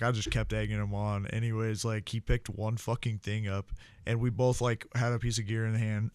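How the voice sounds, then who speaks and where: A man's voice: mid-range voice, dry recording. A young American man telling casual, profane stories, full of fillers and restarts. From United States. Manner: laid-back, profane, filler-heavy. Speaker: podcast guest, former Marine. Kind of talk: casual storytelling.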